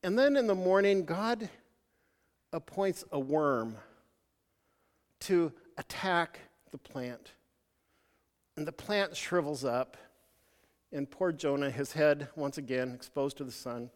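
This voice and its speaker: Storytelling preacher, male, a bit high, stop-start delivery, long hall reverb. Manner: halting, many restarts, storytelling. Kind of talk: sermon.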